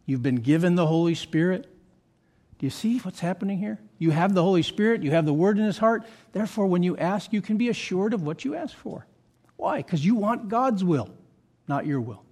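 A male pastor delivering a verse-by-verse sermon, his voice set a little higher than most men's. He reads scripture aloud, then turns to the congregation with questions, dropping to soft low asides before rising to loud, stressed lines. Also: animated, a little fast. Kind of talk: expository sermon.

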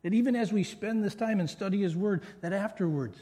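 A man's voice: sits high, brisk, dark tone, in a large hall. A middle-aged man pastor preaching a sermon, earnest and full of personal stories. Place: church sanctuary.

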